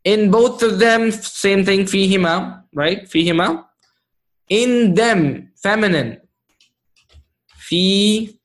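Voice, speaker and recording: A man's voice: high-pitched, drawn-out words. A man teaching Arabic grammar to a live class, patient, often checking whether students follow.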